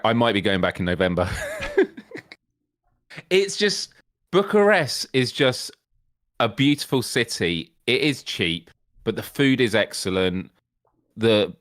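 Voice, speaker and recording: A man's voice: fairly low pitch, fairly bright tone, no room sound, studio quality. A man co-hosting a casual gaming podcast, bantering dryly and playfully. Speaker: co-host.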